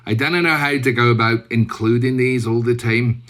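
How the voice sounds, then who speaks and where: A man putting on a brisk, bossy mock-Scottish voice to send viewers away. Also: deep voice, steady tone, noisy background.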